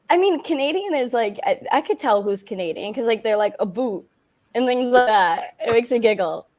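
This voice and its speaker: A woman's voice: fairly high pitch, lively intonation, normal speed. Giggly young new york girl chatting as a guest, says like a ton. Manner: bubbly, giggly, lots of "like". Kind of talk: casual chat.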